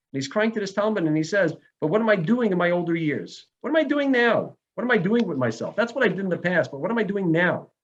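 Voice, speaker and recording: A man preaches a sermon as a rabbi, his voice pitched somewhat high. He tells stories with mounting emotion and sudden emphatic peaks. The recording is dull and lo-fi. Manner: emotional storytelling with rising emphasis and Hebrew phrases.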